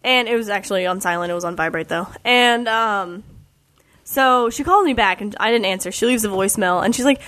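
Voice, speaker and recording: A young woman telling a story in casual chat, animated and full of "like"s. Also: medium pitch, a little fast. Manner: chatty, animated, many "like"s.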